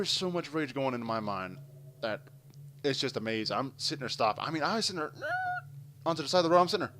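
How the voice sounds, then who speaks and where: A man's medium-pitched voice moves a little fast, with long pauses and slight background noise. As a gameplay commentator, he casually tells a long, rambling, profanity-laced story while playing, an animated storyteller sharing tales over the game.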